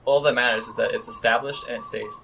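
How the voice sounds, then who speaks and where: A man co-hosting a podcast, talking quickly and laughing easily in casual chat. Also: medium pitch, steady tone, noisy background. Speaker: podcast co-host.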